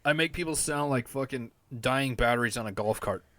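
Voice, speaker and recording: A man's voice: medium pitch, brisk, pushed and bright, no echo. Profane rambling man on a close dry mic. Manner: rambling, profane, self-amused. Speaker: podcast host. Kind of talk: casual crude comedic rant.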